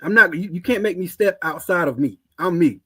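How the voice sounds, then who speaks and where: A man hosts a casual podcast with a slightly raised voice, animated and chatty, stumbling over and repeating his words. The sound is dry and close, with no room echo. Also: high-pitched, fairly quick, husky. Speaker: podcast host.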